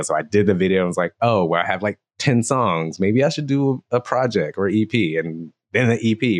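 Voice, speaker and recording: A man's voice: lowish voice, fairly quick, few pauses. A man from the Southern US with a Southern accent, chatting as a guest musician in a casual interview and laughing often. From Southern United States. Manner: giggly, self-deprecating, breaks into laughter often.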